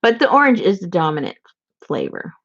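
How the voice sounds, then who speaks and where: A woman's voice: fairly low pitch, very animated, a little fast, a bit bright, lo-fi sound. A woman chatting casually in a vlog, giggly and rambling as she shows off handmade gifts. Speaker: crafter showing handmade gifts.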